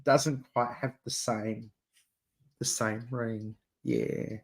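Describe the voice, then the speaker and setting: A man's voice: mid-range voice, fairly even intonation, drawn-out words. A man with an Adelaide Australian accent, hosting a casual livestream chat, chatty and camp, laughing often and calling listeners dear. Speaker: channel host.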